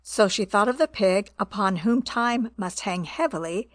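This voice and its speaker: A woman reading a children's story aloud in a gentle, expressive way. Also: mid-range voice, moderate pace, no echo. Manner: gentle, expressive reading with voiced animal parts.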